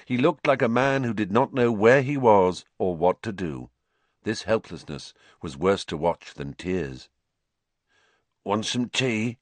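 A man narrating a storybook as an audiobook, with an expressive, dramatic reading. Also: fairly low pitch, a little slow, no room sound.

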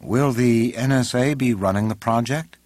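A man voicing a composed middle-aged male intelligence chief who speaks in a measured, respectful way, in an audiobook. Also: mid-range voice, a little mellow, no echo, voice pushed up, natural voice.

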